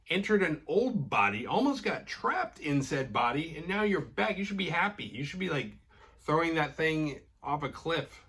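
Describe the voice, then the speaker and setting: Husky man ranting through a recap. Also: medium pitch, a bit bright. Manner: profane, sarcastic, mimics characters in quick asides. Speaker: podcast host recapping a horror episode. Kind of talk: casual rambling recap.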